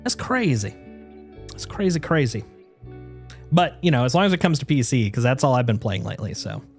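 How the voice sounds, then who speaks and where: A man's voice: medium pitch, lively intonation, brisk, soft background music. Rambling man on a gaming stream. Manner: rambling, lots of fillers and restarts; baby-talk to his dog. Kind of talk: casual chat while gaming.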